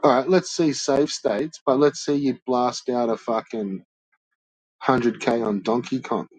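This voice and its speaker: Husky, foul-mouthed male streamer ranting bluntly at his chat, mid-pitched. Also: steady tone, a little slow, darkish tone, dry recording, poor audio. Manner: profane, blunt, swears constantly. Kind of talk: casual rant to chat.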